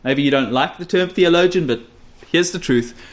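A man preaching an expository sermon, stressing key phrases by repeating them and dropping low and quiet, and putting rhetorical questions to his listeners. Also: normal speed. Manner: asks the audience rhetorical questions.

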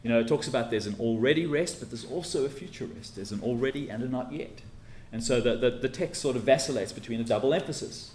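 A man's voice: mid-range voice, fast talker, hardly any pauses, a little mellow, slight background noise. A man preaching an expository sermon, teacherly and emphatic, leaning hard on key words as he sets out his points. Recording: echoey room with faint ambience.

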